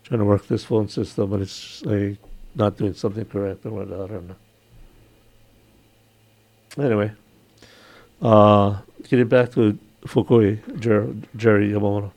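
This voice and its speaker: An older man from Hawaii with a Hawaiian accent, hosting a casual radio chat, chatty and quick to laugh. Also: lowish voice, little pitch movement, darkish tone, no room sound. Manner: chatty, laughs easily, imitates local sayings. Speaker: radio show host.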